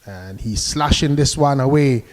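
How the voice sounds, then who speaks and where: A male cricket commentator with a mellow, warm tone and a middling pitch. He talks in a chatty, easygoing way, calling the play and sending good-morning greetings to listeners between deliveries. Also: a little slow.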